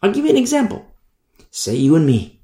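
A man preaches a sermon at a brisk pace in a loose, conversational way, often restarting phrases and lingering on single words. His pitch rises and falls in lively swings, and the recording has a roomy echo.

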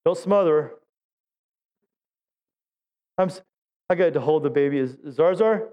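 A middle-aged man leads a Pentecostal sermon in a church, pitching his voice high as he urges the congregation to answer him. He breaks up the exhortation with jokes at his own expense. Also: unhurried, muffled recording. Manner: exhorting, calls for audience response; self-deprecating humor. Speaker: pastor. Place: church sanctuary.

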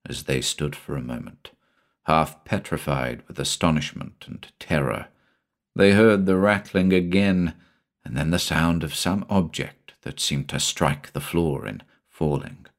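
A man narrating a horror story aloud in a dramatic, expressive reading style. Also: deep voice. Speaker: audiobook narrator. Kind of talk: scripted narration.

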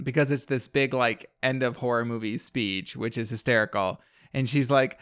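A man's voice: mid-range voice, normal speed, a bit bright, clean tone. A man hosting a podcast who casually recaps a movie in a rambling way, leaning on the word "like" and laughing at his own retelling.

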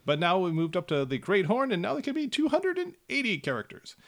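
Man playing a gnome salesman, male, pushy, smug, high voice, tabletop game voice. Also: huge pitch swings, a little fast, fairly bright tone, heavily acted. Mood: pitching. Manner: eager sales pitch, high and showy.

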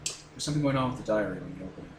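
A man's voice: on the low side, expressive, rapid-fire. A man running a tabletop game as game master, explaining at length with many fillers. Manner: rambling, filler-heavy explaining. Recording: roomy echo, noisy background.

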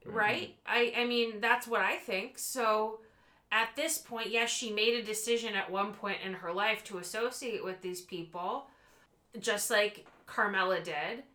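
Female co-host, earnest, bright voice, echoey room. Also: medium pitch, a little slow. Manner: earnest, argues with rhetorical questions. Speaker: podcast co-host. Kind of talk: casual chat.

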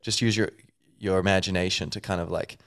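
A man's voice: sits low, fairly even intonation, brisk, a bit bright, dry recording, clean studio sound. A man hosting a podcast, thinking aloud in a rambling, playful way with many fillers. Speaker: podcast host. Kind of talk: casual solo talk.

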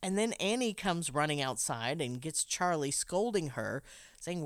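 A woman's voice: medium pitch, expressive, takes it slowly, clear, resonant tone, no echo, studio quality. A woman co-hosting a podcast, recapping a film's plot in a casual, wry way with frequent laughs and asides. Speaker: podcast co-host recapping a film.

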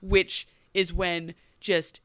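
A woman's voice: lowish voice, flat delivery, extremely slow, fairly bright tone, no echo. A woman co-hosting a podcast in casual chat, gushing about a TV show, laughing often and acting out characters' lines. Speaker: podcast co-host.

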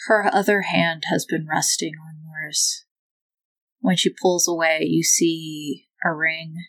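Slow, low-voiced woman game master. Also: fairly even intonation, fairly bright tone, poor audio. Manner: slow, atmospheric narration. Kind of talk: narrating a tabletop game.

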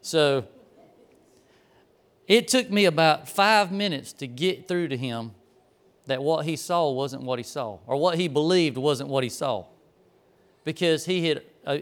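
A man's voice: fairly high pitch, normal speed. A man giving a conversational sermon, telling stories in a folksy way and speaking straight to the people in the room.

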